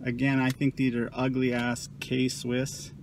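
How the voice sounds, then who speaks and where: A man's voice: mid-range voice, monotone, unhurried. A man talking casually to the camera in a vlog, chatty and self-mocking, recorded in a car. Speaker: vlogger. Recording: loud car and road noise.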